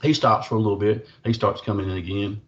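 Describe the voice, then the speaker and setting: Middle-aged man, low-pitched, rambling folksy storyteller, muffled lo-fi audio. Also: steady tone, fast. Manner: folksy, rambling, full of fillers and asides. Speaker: Bigfoot researcher, podcast guest. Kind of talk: storytelling an encounter.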